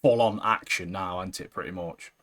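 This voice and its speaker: Animated man chatting casually. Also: low-pitched, moderate pace. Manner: animated, banter-heavy, says "mate" constantly. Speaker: podcast co-host. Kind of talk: casual anime chat.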